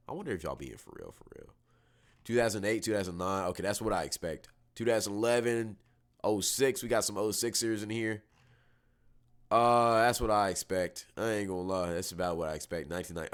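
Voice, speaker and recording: A man's voice: fairly low pitch, a little fast. A young man, chatting slangily with his live-stream viewers as he reacts to a video.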